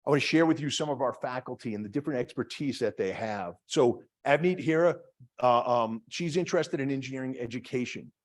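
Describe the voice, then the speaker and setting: A man's voice: mid-range voice, brisk. Middle-aged man, Boston accent, engineering department head, talk to an audience, chatty, self-deprecating, many fillers. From Massachusetts. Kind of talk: lecture to an audience.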